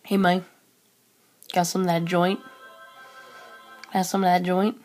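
A woman's voice: on the low side, little pitch movement, slow pace, darkish tone, faint music behind. A young woman chatting with strangers over a webcam, teasing them with mock-tough taunts. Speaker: chatroulette vlogger. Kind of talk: casual webcam chat.

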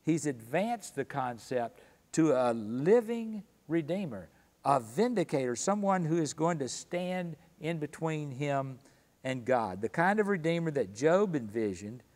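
A man's voice: fairly high pitch, very animated, darkish tone. Man teaching Bible study in a reverberant hall. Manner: slows down to read scripture with emphasis. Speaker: Sunday school teacher. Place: church room.

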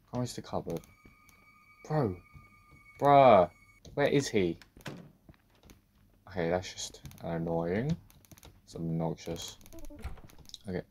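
A man giving a let's-play commentary on a horror game, talking to himself, swearing and breaking into sudden loud outbursts. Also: deep voice, a little hiss or hum. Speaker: gaming video creator.

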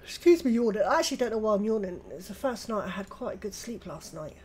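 An older British woman hosting her own gaming channel, chatting excitedly through gameplay and with friends on voice chat. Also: medium pitch, a little hiss or hum. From United Kingdom. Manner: chatty, excitable, quick exclamations. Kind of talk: casual gameplay commentary.

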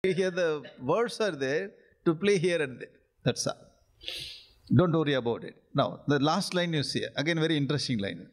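An animated male spiritual teacher whose voice sits on the high side and carries an Indian English accent leads an interactive scripture class. He frequently chuckles, repeats checks such as "are you getting it?", and recites Sanskrit phrases slowly and at length.

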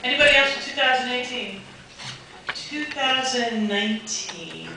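A panel moderator calling up convention bids, brisk and joking. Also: mid-range voice, expressive, vocal fry, noisy background. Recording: echoey hall from far off with loud ambience.

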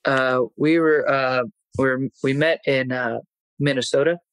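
A man's voice: medium pitch, unhurried, clear, resonant tone, no room sound, poor audio. Candid man with a dry, close sound. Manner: candid, reflective, animated when retelling scenes. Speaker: martial arts instructor and guest. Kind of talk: casual podcast interview storytelling.

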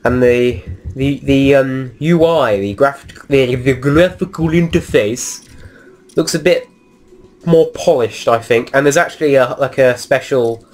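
A man, commentating casually on his own gameplay and rambling through his thoughts. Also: medium pitch. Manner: rambling, lots of ums and restarts while he plays. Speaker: gameplay video host.

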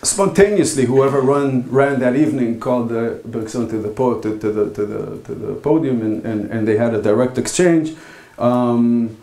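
A man giving an academic philosophy talk at a conference, speaking in a halting, thoughtful way with frequent pauses. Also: medium pitch, gravelly, mellow. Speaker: philosophy lecturer. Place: lecture hall. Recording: echoey lecture hall.

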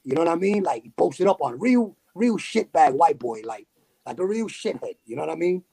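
A man from New City, telling a story as a podcast guest in animated street slang with sound effects. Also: on the high side, brisk, vocal fry, husky. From New York City. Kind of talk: casual storytelling.

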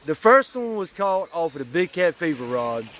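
A man vlogging from a riverbank at night, excitable and out of breath after a catch, saying "y'all" a lot. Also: on the high side, moderate pace. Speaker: fishing vlogger. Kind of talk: excited outdoor vlog talk.

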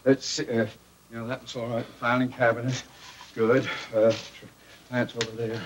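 An actor playing a blustery, pompous bank manager in a 1960s sitcom, stammering when flustered. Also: male voice, mid-range voice, level tone, moderate pace, a little hiss or hum, close to an everyday voice. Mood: fussy.

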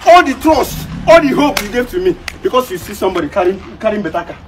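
A man's voice: sits high, very animated, fast talker, background noise. A Nigerian man acting out a dramatic, emotional prank skit outdoors.

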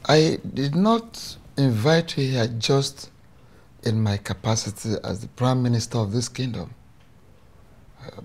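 An actor playing a prime minister of a traditional kingdom, speaking with a Nigerian accent and a halting, probing manner. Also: male voice, medium pitch, husky, full character voice. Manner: halting, probing, repeats himself.

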